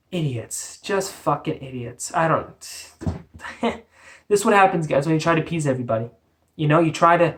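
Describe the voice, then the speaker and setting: A woman's voice: low-pitched, expressive, moderate pace. Swearing woman ranting. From Canada. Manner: profane, exasperated, blunt. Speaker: vlogger. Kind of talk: ranting commentary vlog.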